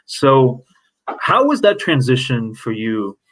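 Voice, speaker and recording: A man's voice: mid-range voice, sing-song, takes it slowly, a bit bright, low-quality recording. A man hosting a podcast interview, talking loosely with plenty of fillers. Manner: loose, rambling, heavy on fillers. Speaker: podcast host. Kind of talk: casual interview chat.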